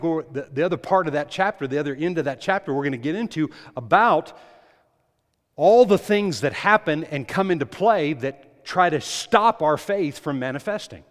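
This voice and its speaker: Preaching man in a reverberant church hall. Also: a little high. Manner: emphatic, repetitive preaching with rising volume. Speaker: pastor. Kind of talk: sermon.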